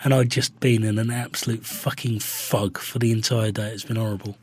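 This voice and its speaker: A man, co-hosting a casual podcast chat with sweary, jokey, deadpan banter. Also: fairly low pitch, brisk, husky, no room sound. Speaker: podcast co-host.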